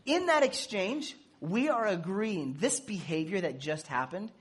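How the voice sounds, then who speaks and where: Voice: mid-range voice, unhurried, slightly rough. A parent giving a casual sermon, acting out quoted dialogue and joking while teaching. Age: adult with children. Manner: animated, acts out quoted dialogue; jokes and laughs while teaching.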